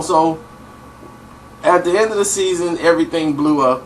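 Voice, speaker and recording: An animated man casually spinning a story with slangy asides and lots of "you know". His voice sits a bit higher than most men's, and a faint hiss runs under the recording. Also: moderate pace, rough recording. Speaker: vlogger.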